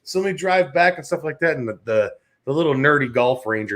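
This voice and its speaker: This Chicago-area man in his thirties has a mid-range, fairly bright voice and talks a little fast with plenty of expression. As a sports talk show host, he spins rambling, profane podcast stories and performs everyone else's lines.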